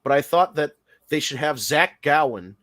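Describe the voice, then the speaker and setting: Animated, profane podcast host man. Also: a little high, dry recording. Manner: animated, profane, quick asides and laughs. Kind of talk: casual chat.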